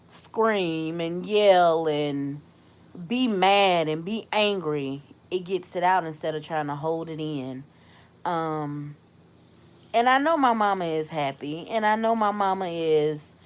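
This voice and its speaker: A young adult woman hosting a casual livestream, reflective and unhurried, thanking viewers by name and laughing often. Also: on the low side. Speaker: host.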